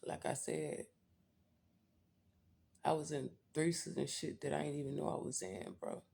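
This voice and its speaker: A woman's voice: low-pitched, animated, normal speed, creaky, warm tone, slightly rough. A woman vlogger telling a personal story in a blunt, profane, candid way, talking straight to her viewers.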